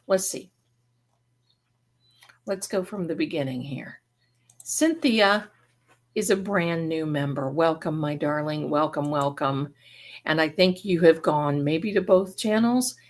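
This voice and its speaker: A woman's voice: deep voice, takes it slowly, long pauses. A woman hosting a live stream who reads viewers' chat aloud and showers them with endearments, in a rambling, effusive way that often breaks off mid-thought. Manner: rambling, self-interrupting. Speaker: livestream host and spiritual reader.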